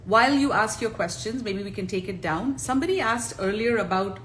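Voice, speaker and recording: A woman's voice: mid-range voice, fairly quick, few pauses, fairly bright tone, slight background noise. A woman giving a live spiritual talk as co-host, emphatic and preachy, repeating phrases for stress.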